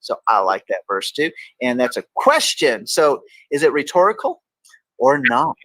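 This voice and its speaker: A man's voice: medium pitch, sing-song, moderate pace, a bit bright, dry recording, poor audio. A man from Texas hosting a casual talk show, reading daily quotes aloud with playful emphasis. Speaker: host.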